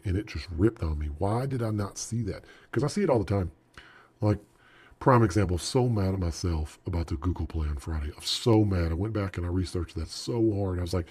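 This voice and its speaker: A man teaching a trading lesson over charts, animated and emphatic, talking straight to the viewer. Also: deep voice, moderate pace, breathy edge. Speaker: trading instructor.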